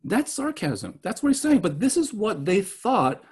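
In a sing-song, high voice that's a little slow, a little mellow, and slightly rough, a male pastor delivers a conversational sermon. He keeps checking in with his listeners, frequently tossing in "right?"

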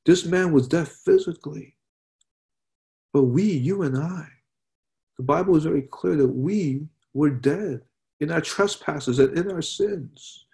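A man's voice: fairly high pitch, a little slow, vocal fry. Man preaching in a conversational way. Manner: conversational preaching, frequent "right?" asides, soft drops for quoted words. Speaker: pastor. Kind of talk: sermon.

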